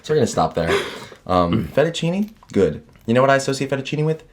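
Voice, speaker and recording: A young man co-hosting a podcast in casual chat, giving deliberate opinions and often restarting his sentences. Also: mid-range voice, sing-song, a little hiss or hum. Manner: deliberate, opinionated, self-correcting. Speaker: podcast co-host.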